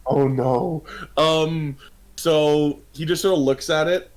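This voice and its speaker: Giggly excitable male player. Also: on the high side, slow pace. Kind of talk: casual tabletop play.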